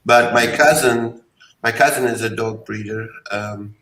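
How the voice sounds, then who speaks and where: A man talking slowly and hesitantly in a casual group chat, with many ums. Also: mid-range voice, fairly even intonation, sharp tone. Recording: roomy, distant mic.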